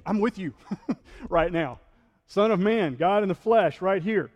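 A man's voice: high-pitched, lively intonation, unhurried, darkish tone, highs cut off. Conversational male pastor in a reverberant hall. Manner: conversational preaching, frequent "right?", acts out quotes. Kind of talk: sermon.

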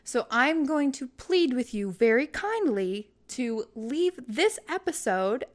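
A woman's voice: high-pitched, very animated, slow pace. A woman hosting a podcast, talking casually and playfully as she wraps up an episode. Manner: playful, retells jokes with quoted voices. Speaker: podcast host.

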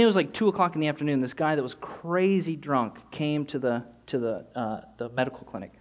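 A young man telling a personal story with candid, rambling earnestness, full of restarts and fillers. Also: a little high. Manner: earnest, rising excitement in quoted moments.

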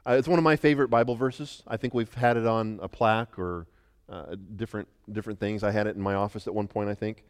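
A middle-aged man from the United States, a pastor preaching an emphatic sermon that moves between quiet and loud. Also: fairly low pitch, fairly even intonation, fast, smooth. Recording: long reverb of a large hall.

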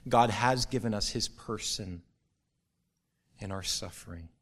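A middle-aged man preaching a sermon to his church, earnest and building to a forceful, rising close. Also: fairly low pitch, measured pace, breathy edge. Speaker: pastor.

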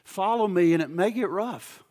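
A male pastor preaching a sermon with impassioned swings from loud fervor to hushed intensity, often repeating words. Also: sits high, lively intonation, normal speed.

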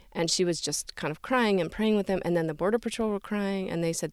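A woman's voice: mid-range voice, brisk, few pauses, clean tone, dry recording, studio quality. A woman speaking earnestly as an interview guest, talking freely with fillers like "like" and "right?". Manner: earnest, fluent, many fillers like 'like' and 'right?'. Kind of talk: conversational interview.

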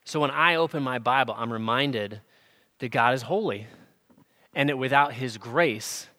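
A man preaching a sermon as pastor, earnest, rising loud on emphasis and dropping soft on key words. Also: medium pitch, normal speed. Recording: long hall reverb.

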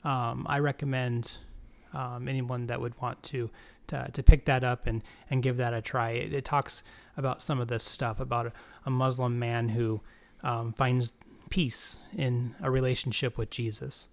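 A man's voice: mid-range voice, flat delivery, measured pace. A man hosting a talk show, speaking hesitantly with many fillers and repeating words for emphasis. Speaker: host. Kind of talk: casual chat.

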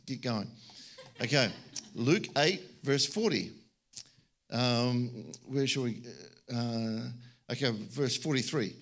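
A man preaching a sermon at a church service, joking and telling stories with lots of restarts. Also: medium pitch. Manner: animated, joking, storytelling with many restarts.

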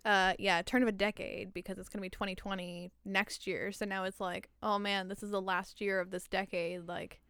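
A woman in her twenties co-hosting a casual podcast, animated, laughing and swearing often. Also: medium pitch, moderate pace, few pauses, slight background noise. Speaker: podcast co-host. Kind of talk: casual chat.

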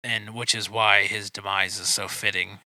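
A man hosting a casual movie review chat, talking in quick asides with lots of fillers. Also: lowish voice, flat delivery, sharp tone, no room sound. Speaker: podcast host.

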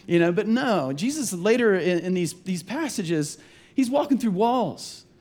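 A man's voice: sits high, sing-song, a little slow, darkish tone. A male pastor giving a conversational Easter sermon in a church, often restarting and repeating words as he goes. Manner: casual and rambling, with frequent restarts and repeated words. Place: church sanctuary.

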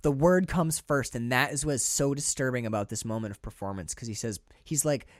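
A man co-hosting a podcast, talking through a film in a casual, animated, profane way. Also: medium pitch, brisk, no echo, clean studio sound. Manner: animated, profane, restarts often. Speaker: podcast co-host.

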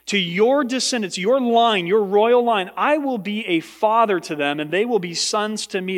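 High-voiced pastor preaching in a hall. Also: male voice, fairly bright tone. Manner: emphatic, repeats words for stress. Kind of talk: sermon. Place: church sanctuary. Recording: long reverb of a large hall.

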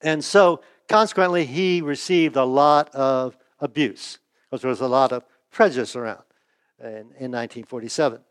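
A man's voice: moderate pace, clean tone. A pastor giving a conversational sermon at a church service, often asking "right?" and acting out the quotes he reads. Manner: chatty, asks "right?" often, acts out quotes with raised pitch.

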